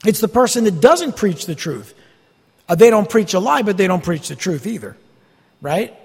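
A man's voice: high voice, expressive, normal speed, gravelly, breathy edge. A man preaching as a pastor in a church, expository and emphatic, with folksy, mocking asides. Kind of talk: expository sermon. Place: church sanctuary. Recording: long hall reverb.

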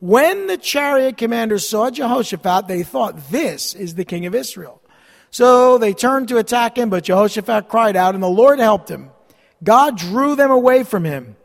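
A high-voiced man preaches a Bible study, reading the scripture aloud and breaking off for dry, sarcastic asides. His voice rings out with a long reverb tail, as if it fills a large hall. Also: lively intonation, moderate pace, vocal fry. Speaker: pastor.

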